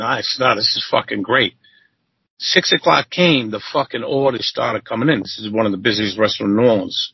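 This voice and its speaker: A man guest on an interview show, telling animated, profane stories and acting out quotes in a high voice. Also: breathy edge, dry recording, muffled recording. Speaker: interview guest, former chef. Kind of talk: casual storytelling.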